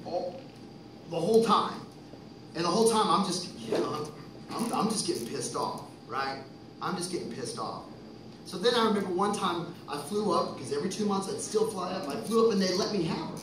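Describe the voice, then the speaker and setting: A man's voice: sits high, animated, a little fast, noisy background. A man in his thirties from Texas, telling a long rambling story between songs at a live show, profane and getting worked up. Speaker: musician telling a story on stage. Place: concert venue, live audience. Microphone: stage microphone. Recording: echoey live concert recording from far off.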